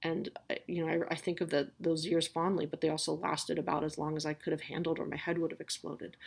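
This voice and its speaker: A woman's voice: sits low, fairly quick, gravelly, husky. A woman in her thirties hosting a podcast, giving a candid, swearing, self-mocking pep talk to new mothers. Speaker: podcast host.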